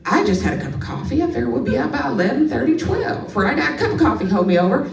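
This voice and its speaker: A woman performing a stand-up comedy set on a club stage, telling stories with lively asides to the crowd. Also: fairly high pitch, fast talker. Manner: animated storytelling with playful asides to the crowd. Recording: roomy club sound from a distance.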